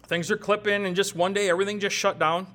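A man with a high-pitched voice preaches a sermon. He keeps it conversational and animated, often slipping into quoted back-and-forth dialogue. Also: fast. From Upper Midwest of the United States. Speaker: pastor.

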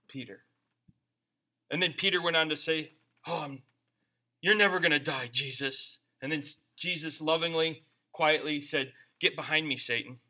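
A pastor preaching an animated, conversational sermon with touches of humor. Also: male voice, high-pitched.

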